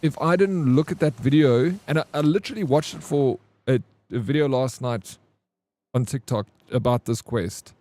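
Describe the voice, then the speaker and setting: A man's voice: medium pitch, normal speed, a little mellow. A young man, chatting casually with his stream while playing a game, slangy and laid-back. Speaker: gaming streamer.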